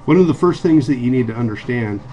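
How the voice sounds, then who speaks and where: Earnest American man, casual vlog monologue, mid pitch, halting with restarts. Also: expressive, warm tone, muffled recording, a little hiss or hum. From United States. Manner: earnest, with frequent restarts and ums. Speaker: video blogger.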